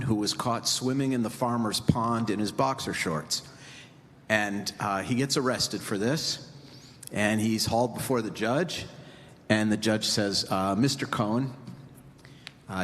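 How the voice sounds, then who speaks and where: A man's voice: lowish voice, fairly bright tone, a little hiss or hum. A man giving a sermon as a rabbi, in a conversational, joking storytelling way, in a temple sanctuary. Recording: reverberant hall, faint ambience.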